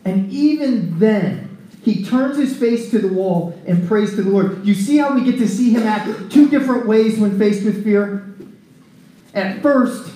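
A man preaching a conversational sermon at a recovery ministry, telling scripture stories in an animated way. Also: sits high, unhurried. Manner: animated storytelling, acting out scripture scenes. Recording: echoey room.

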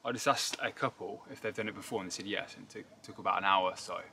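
This man co-hosts a travel vlog along a forest trail, talking fast in a fairly low, steady voice with a sharp tone. Chatty and upbeat, he fumbles place names, and the outdoor audio is noisy.

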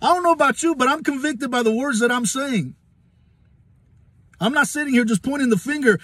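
A man's voice: very high voice, a little fast, pushed and bright, breathy edge, no room sound. A man preaching fervently into his phone, repeating himself, throwing out rhetorical questions and laughing as he goes. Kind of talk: impassioned phone-recorded Bible devotional. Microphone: phone camera.

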